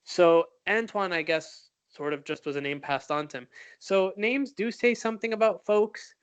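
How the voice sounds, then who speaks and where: A man co-hosting a podcast, chatting casually and thoughtfully, pausing often with fillers and restarts. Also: high-pitched, clear, resonant tone. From United States. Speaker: podcast co-host. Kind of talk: casual chat.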